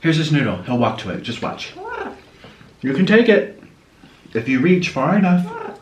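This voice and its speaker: A food vlogger with a fairly high voice and big pitch swings talks in an unhurried way as he eats for the camera. Chatty throughout, he coos at his pet between mouthfuls, in an echoey room with faint background noise.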